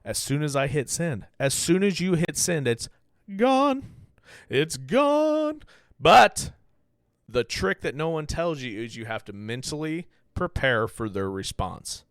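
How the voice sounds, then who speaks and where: A man's voice: medium pitch, expressive, normal speed, hardly any pauses, clean tone, dry recording, studio quality. A man hosting a podcast, talking candidly and a bit rambly about handling anger, swearing freely in casual chat. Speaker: podcast host. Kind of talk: casual self-reflective talk.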